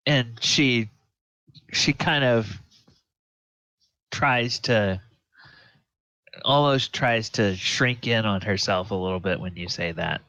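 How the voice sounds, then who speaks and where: A man's voice: lowish voice, takes it slowly, pauses often, sharp tone, no room sound, poor audio. A man narrating as game master of a tabletop game, with a hesitant delivery.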